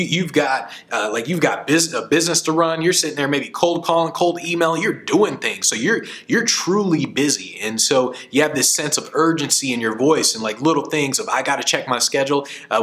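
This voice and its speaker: A man's voice: mid-range voice, a bit bright. Earnest man giving speaking advice. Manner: storytelling, acts out voices in quotes; earnest, repeats words when restarting. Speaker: speaking coach. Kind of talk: casual advice talk.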